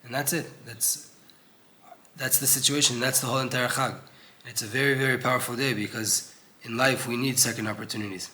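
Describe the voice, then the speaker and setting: A man's voice: medium pitch, fairly even intonation, fairly quick, bright, forceful tone. A young man teaching an informal Torah class in an old synagogue, earnest and conversational, acting out voices when he quotes people.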